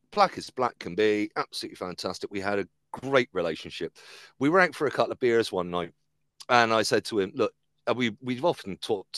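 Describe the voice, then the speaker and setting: On a casual comedy podcast, the male host tells stories and performs the voices of the people in them with lively energy. He has a lowish voice, and the recording is dry.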